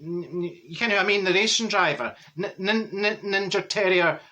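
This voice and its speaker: A gossipy, straight-talking Glasgow woman, put on by a man, rattling through comic stories full of exclamations and asides. Her Glaswegian voice sits fairly high and rings bright and forceful. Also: normal speed, muffled recording. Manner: chatty, rambling, exclamatory gossip. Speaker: comedy character monologue. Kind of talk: comic character storytelling.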